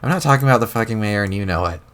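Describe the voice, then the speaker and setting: A man voicing a loud, short-tempered young male troll who rants crudely, read aloud from a webcomic on stream. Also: fairly low pitch, expressive, very fast, smooth. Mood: ranting. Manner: shouty, indignant, crude rants.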